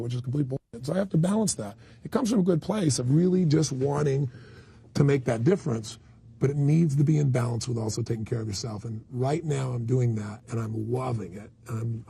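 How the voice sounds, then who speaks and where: A man speaking as a motivational speaker in a candid interview, telling stories bluntly and emphatically. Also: mellow. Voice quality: deep gravelly raspy voice. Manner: blunt, emphatic storyteller with occasional swearing.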